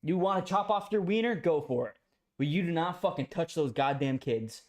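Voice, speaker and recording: A man's voice: a little high, lively intonation, normal speed, a little mellow. A young man in a heated, profane casual rant as a streamer. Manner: profane, ranting, emphatic.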